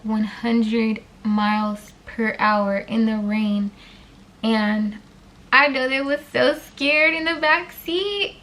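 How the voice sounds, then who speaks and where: A woman telling a personal story to her viewers in a casual storytime vlog, animated, with frequent fillers and direct asides to them. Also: fairly high pitch.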